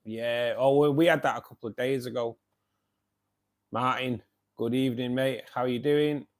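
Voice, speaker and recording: A man's voice: medium pitch, steady tone, moderate pace. A man with a Manchester accent hosting a casual live stream, chatting with viewers and calling them mate. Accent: Northern English, Manchester. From England. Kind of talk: casual live chat reading viewer comments.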